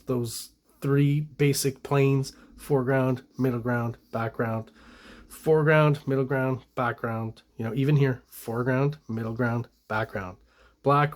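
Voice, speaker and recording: A Canadian man in the middle range of male pitch, giving casual commentary on comic-book art. He talks in a loose, rambling way, full of "um" and "you know", stopping to restart his sentences. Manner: relaxed, rambling, many fillers. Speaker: comic artist reviewing comic art.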